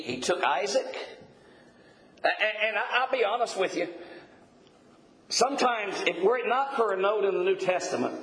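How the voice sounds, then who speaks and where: A man's voice: high voice, a bit bright. An older man preaching a sermon in a folksy way, with stammered restarts and chuckling asides. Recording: echoey room.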